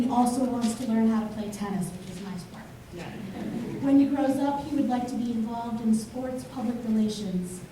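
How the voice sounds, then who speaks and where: A woman who is losing her voice reads school award citations in a measured, formal way. Her voice is mellow and a touch high, and it comes from well back in a very echoey auditorium over a faint hiss. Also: recorded from a distance.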